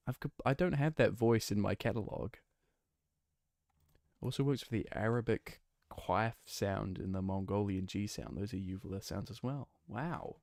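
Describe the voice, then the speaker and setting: Here a man with a lowish voice talks at a normal speed over a dry, studio-quality recording. Playing a block-building game on stream, he drifts casually between building and answering chat, laid-back and heavy on fillers, often correcting himself.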